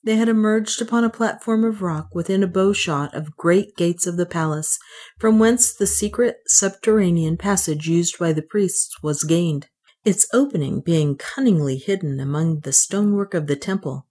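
A woman narrating a classic adventure novel in a measured, clear reading. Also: fairly low pitch, a little mellow. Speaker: audiobook narrator. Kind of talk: audiobook narration.

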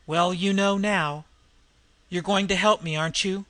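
A man voicing a sick, desperate woman criminal in disguise, who speaks in a hoarse, labored voice with slangy underworld talk. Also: sits high, fairly even intonation, measured pace, sharp tone, no room sound.

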